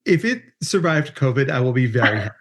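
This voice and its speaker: A man's voice: mid-range voice, very animated, quick pace. A man in his thirties hosting a podcast, upbeat and joking, often tagging "right?" onto his points. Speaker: podcast host. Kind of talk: casual podcast chat.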